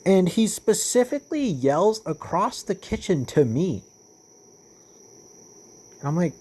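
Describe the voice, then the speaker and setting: A young man talking in a casual vlog monologue, rambling with lots of fillers and swearing, getting animated as he retells stories. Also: sits high, measured pace, long pauses, slight background noise. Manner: rambling, profane, with many fillers and restarts. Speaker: vlogger.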